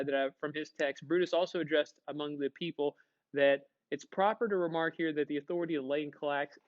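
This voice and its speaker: Male teacher, casual and animated lecturer, dull lo-fi sound. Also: a little high. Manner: casual, animated, asks the class questions. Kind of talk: classroom lecture.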